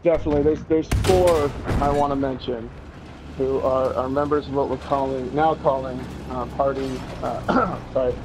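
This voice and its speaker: A man's voice: mid-range voice, steady tone, normal speed, noisy background. Easygoing man chatting over gunfire. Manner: easygoing, laughs often, rambling with fillers. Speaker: clan leader. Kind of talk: casual interview chat.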